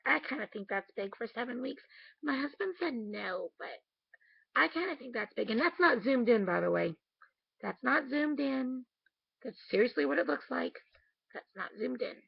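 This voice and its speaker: A woman speaks straight into her camera at home late at night in a candid, emotional way, with the odd casual swear. Her voice is fairly high, gravelly and husky. It is close and dry but dull and lo-fi. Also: lively intonation, normal speed, dry recording. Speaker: vlogger. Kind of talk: casual video diary.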